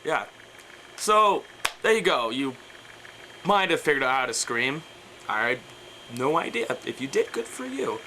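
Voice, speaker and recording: A young man talking through a casual vocal tutorial, rambling and unsure, with a bright, forceful edge to his voice. A faint hiss of noise sits behind him. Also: medium pitch, big pitch swings, unhurried, pauses often, rough recording. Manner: rambling, hesitant, lots of fillers, breaks into screams and growls.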